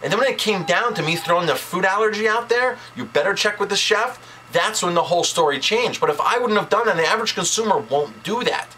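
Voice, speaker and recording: A man's voice: high-pitched, lively intonation, fast talker, few pauses, pushed and bright, a little hiss or hum, poor audio. A man, a chef, speaking straight to camera in an indignant, emphatic vlog rant, repeating words for stress.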